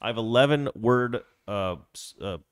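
A man's voice: medium pitch, normal speed, clear, resonant tone, dry recording, studio quality. A man hosting a political live stream, talking casually and rambling with frequent restarts.

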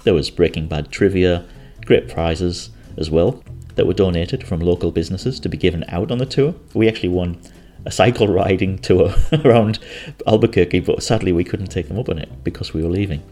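A deep-voiced man recalls a trip in an easygoing, rambling way, stopping now and then to correct himself. Soft music plays faintly behind him. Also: a little fast. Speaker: travel storyteller. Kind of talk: casual travel recollection.

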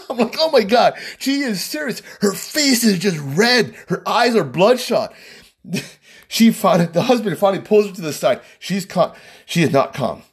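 Husky animated male storyteller. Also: high voice, normal speed. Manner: animated, laughs between lines. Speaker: wedding planner and videographer. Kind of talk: casual anecdote storytelling.

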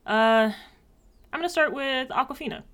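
A young woman with a bright, forceful voice, chatting casually as a co-host. She talks bluntly, full of slang, and tells her stories with animation. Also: sits high, moderate pace. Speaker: podcast co-host. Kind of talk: casual chat.

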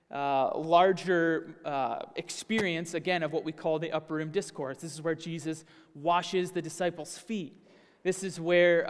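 A man giving an earnest teaching sermon as a pastor, often asking the congregation questions. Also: on the high side. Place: church sanctuary. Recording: long reverb of a hall.

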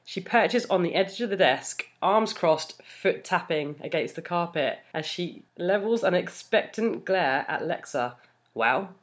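A woman's voice: lowish voice, animated, a little slow. A woman co-hosting a podcast, reading fan fiction aloud and chatting, laughing often mid-sentence. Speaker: podcast co-host.

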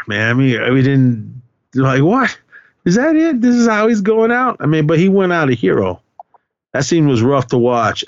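A man's voice: lowish voice, dry recording. Man rambling through a story on a dull recording. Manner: rambling storyteller with many fillers and restarts. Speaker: podcast host. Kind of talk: casual chat, retelling a movie scene.

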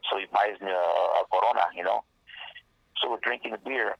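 A man's voice: lowish voice, a little fast, gravelly, dry recording, muffled recording. A man, a rapper guest, telling a rambling, profane story in casual talk and acting out the lines people said. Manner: profane, rambling, acts out quoted dialogue.

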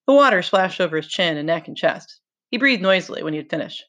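A woman's voice: on the low side, expressive, fast talker, fairly bright tone. Casting note: woman teacher, reads aloud, stops to explain conversationally. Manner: conversational, explains with rhetorical questions. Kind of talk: reading a novel aloud with commentary.

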